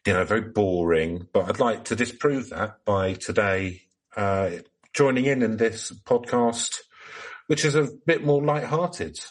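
A man voicing a self-righteous male cult guru in comedic improvised role-play, deadpan and mock-solemn. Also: fairly low pitch, a little slow. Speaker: guest.

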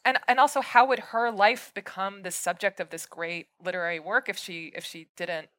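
A woman's voice: medium pitch, normal speed. A woman author being interviewed about her novel at a bookshop event, talking in a chatty way with lots of fillers and restarts. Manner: chatty, full of fillers and restarts, animated retelling. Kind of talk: conversational book talk at a live event.

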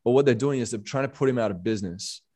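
A man's voice: medium pitch, very fast, mellow. A man talking in a casual podcast chat, impassioned and rambling, peppering his speech with "bro" and "man". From Australia. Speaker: podcast guest.

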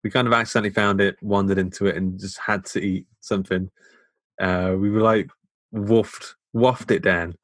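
A young man with an English Midlands accent talks easily about a film in a lowish voice. The sound is close and dry, and his delivery stays relaxed and good-humoured. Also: normal speed, no echo. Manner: laid-back, chuckles often. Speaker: podcast co-host. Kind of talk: casual film review chat.

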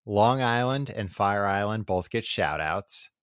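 Young guy podcast co-host, lower pitch, dry studio sound, casual storyteller who slips into quick character voices. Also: animated, fairly bright tone, clean tone, dry recording. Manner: rambling, acts out characters in throwaway voices. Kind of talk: casual chat, recapping a book.

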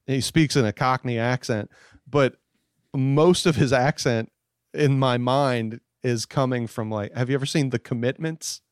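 A man's voice: medium pitch, steady tone, unhurried, clean tone, no echo, studio quality. A man talking casually as a podcast guest, rambling with many fillers and restarts. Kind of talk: casual chat.

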